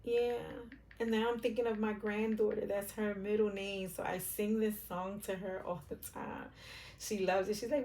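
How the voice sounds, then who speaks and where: A middle-aged woman reading tarot to camera, rambling and searching for words with many fillers, casual cussing and soft, emotional drops. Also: mid-range voice, little pitch movement, moderate pace. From Puerto Rican, raised in Brooklyn and Philadelphia. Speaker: tarot reader.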